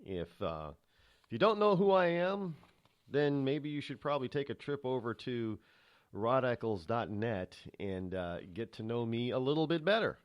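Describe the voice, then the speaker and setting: A man's voice: on the low side, dry recording, studio quality. A man hosting a call-in radio talk show, rambling and self-promoting as he digresses.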